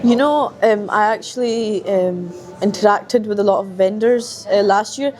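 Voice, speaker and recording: A woman's voice: mid-range voice, darkish tone, soft background music. A woman with a Scottish accent hosting a podcast, chatting casually and joking about herself. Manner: quick, joking, self-mocking banter. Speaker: podcast host. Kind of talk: casual chat.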